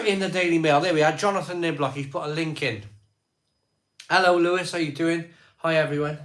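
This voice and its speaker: A man's voice: fairly high pitch, fairly even intonation, fairly bright tone. Chatty man reading out viewer comments. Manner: rattles off viewer places and beers in quick lists. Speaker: live-stream host. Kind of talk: casual live-stream chat, reading out viewer comments.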